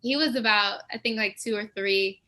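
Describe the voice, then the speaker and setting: A woman's voice: medium pitch, moderate pace, pushed and bright. A woman actress from West Africa, telling stories from her career in a casual, enthusiastic interview. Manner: enthusiastic, storytelling, restarts often.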